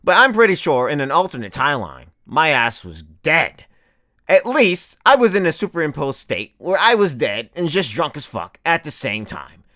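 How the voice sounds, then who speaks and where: A young man rants his way through a comedy bit, swearing at every turn. His voice sits a little high, with a bright, forceful edge, and it swings widely up and down. The sound is close and dry. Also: sing-song, normal speed, no echo. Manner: profane, exaggerated comedic ranting. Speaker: comedy video host. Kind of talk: profane comedic rant.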